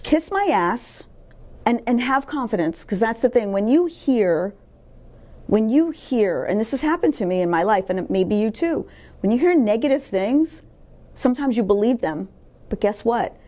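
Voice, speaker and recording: A woman's voice: fairly high pitch, animated, normal speed, mellow. A middle-aged woman talking candidly in an interview, emphatic and blunt, swearing freely as she tells her life story. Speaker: interview guest.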